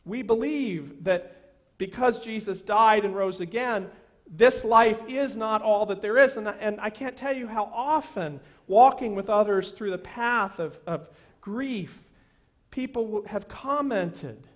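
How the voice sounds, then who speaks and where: A man pastor delivering a sermon in a church, earnest and emphatic, repeating key phrases slowly. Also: high-pitched. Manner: earnest preaching with slow, emphatic repetitions. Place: church sanctuary.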